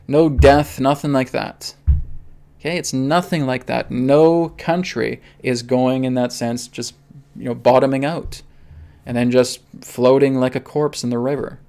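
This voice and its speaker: A man's voice: mid-range voice, steady tone, moderate pace, a little mellow. A man hosting a live spiritual stream, talking emphatically and tagging his points with "okay?". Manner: emphatic, repeats "okay?" often. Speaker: spiritual reader and host.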